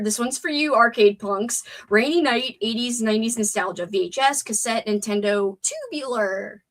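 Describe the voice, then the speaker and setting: A young adult woman with a stuffed-up nose, hosting a chatty, wordy livestream and reading out chat comments. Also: fairly high pitch. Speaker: livestream host.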